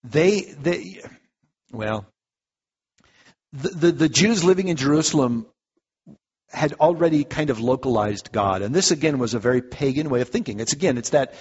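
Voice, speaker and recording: A pastor preaches in a loose, conversational way, circling back and restarting as he explains. His voice is a touch husky and sits at a middle pitch. The sound is muffled and rings with a long church-hall reverb. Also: lively intonation, normal speed, pauses often, darkish tone. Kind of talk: sermon.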